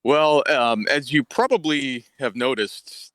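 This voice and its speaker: A man's voice: mid-range voice, slow, fairly bright tone, dry recording. A man talking as a guest musician on a live stream, chuckling and self-deprecating in casual chat.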